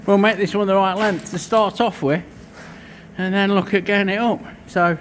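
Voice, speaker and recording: In this casual workshop vlog, a metal fabricator explains his work in a blunt, profanity-heavy chat, sometimes short of breath. His voice is high and fairly bright, with a steady tone and moderate pace. A little hiss or hum sits under the recording.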